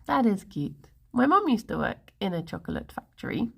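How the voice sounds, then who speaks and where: A woman's voice: medium pitch, big pitch swings, moderate pace, vocal fry, husky. A woman in her thirties with an English accent, chatting casually and playfully with stream viewers, giggling often. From England. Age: 30s. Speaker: livestreamer.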